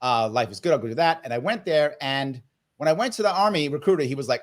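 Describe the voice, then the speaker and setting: Emphatic New man, higher voice. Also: expressive, fast. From New York. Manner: emphatic storyteller who acts out quoted voices. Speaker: political guest. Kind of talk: animated interview talk.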